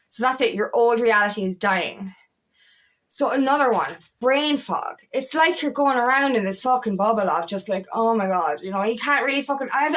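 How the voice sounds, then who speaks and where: A woman's voice: mid-range voice, a bit bright. A woman spiritual coach talking casually to camera, candid and rambling, swearing freely.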